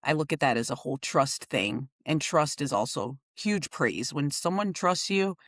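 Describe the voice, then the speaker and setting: A middle-aged woman talks through everyday stories in relaxed podcast chat, her voice jumping up with animation and quick laughs. She sits at a middling pitch, slightly on the lower side. The sound is close and dry, with no room around it. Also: no room sound. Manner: animated storytelling, laughing often. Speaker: podcast co-host. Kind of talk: casual conversation.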